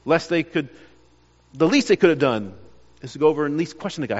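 A man's voice: fairly high pitch, expressive, quick pace, long pauses, darkish tone, breathy edge, long reverb tail, dull audio. A man preaching a sermon, earnest, often repeating words and restarting phrases as he presses his point. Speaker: pastor.

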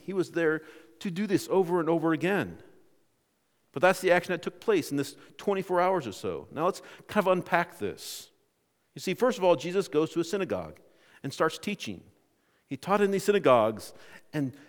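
Male pastor, conversational sermon delivery with a lively, bouncing pitch; church hall reverb. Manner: conversational, animated preaching with restarts.

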